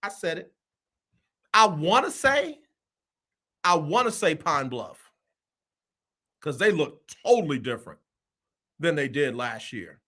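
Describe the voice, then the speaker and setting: A man hosting a casual sports talk show, running through his football picks in a lively way and repeating his phrases. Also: fairly high pitch, slow, pauses often. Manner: animated, repeats phrases, Southern US Black vernacular.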